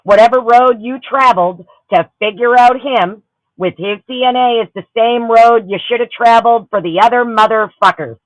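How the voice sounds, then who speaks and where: A woman's voice: on the high side, moderate pace, no room sound, rough recording. A woman hosting a livestream, ranting heatedly and with lots of swearing while greeting her chatters. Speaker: livestream host. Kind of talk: profane ranting livestream chat.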